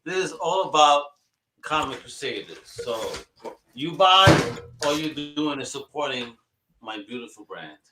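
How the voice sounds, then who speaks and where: A man co-hosting a live show, chatting excitably in slang while selling comic books. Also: a little high, a little slow, roomy sound, over music. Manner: excitable, slangy, says "bro" and "yo". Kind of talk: casual live show chat.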